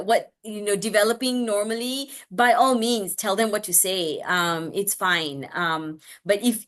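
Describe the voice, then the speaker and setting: A woman speech expert in a video-call webinar, answering parents' questions in an earnest way, often restarting and checking in with "right?". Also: mid-range voice. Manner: acts out parent-child exchanges in a brighter voice.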